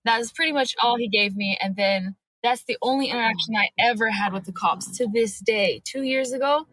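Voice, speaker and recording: Woman guest on a podcast, higher voice, earnest storytelling, dry close mic. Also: a little fast, a bit bright, no echo. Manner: earnest, tells events by acting out quotes. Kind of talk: emotional personal interview.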